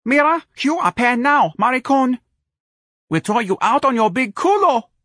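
A man's voice: very high-pitched, sing-song, normal speed, fairly bright tone, dry recording, clean studio sound, pitched above the performer's own voice, heavily acted. A male narrator voicing a pushy, threatening bar hostess. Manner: brash, wheedling, threatening. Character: pushy fortyish female bar hostess, menacing.

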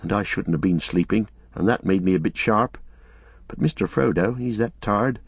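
Loyal hobbit manservant, voiced by a male reader, low husky voice, rustic phrasing, dry dull recording. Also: normal speed, no echo. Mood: apologetic. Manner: homely, rustic turns of phrase. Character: loyal, plain-spoken male hobbit servant.

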